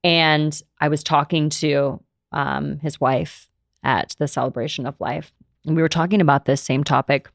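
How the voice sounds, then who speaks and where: A woman podcast host asking gentle, thoughtful questions, often restarting her sentences. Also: sits low, fairly even intonation, moderate pace, creaky, dry recording, clean studio sound. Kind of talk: interview conversation.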